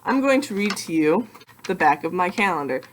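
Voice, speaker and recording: Rambling, excitable young woman vlogger. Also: fairly low pitch, moderate pace, slight background noise. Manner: rambling, excitable, self-mocking. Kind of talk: casual vlog talk to camera. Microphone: computer webcam.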